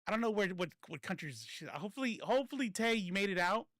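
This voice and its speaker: A man with a fairly high voice hosts a casual political livestream, talking loosely and cursing as he goes. He often stops to correct himself and breaks into laughter. The sound is dry and close, with no room around it. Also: expressive, fast talker, fairly bright tone, no room sound. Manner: rambling, self-correcting, laughs often, swears freely. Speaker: political commentary streamer.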